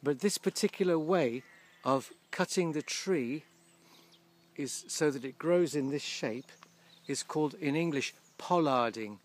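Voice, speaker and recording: A man giving casual, gently humorous commentary outdoors by a field, slowly explaining English words as he films. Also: on the high side. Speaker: vlogger teaching English.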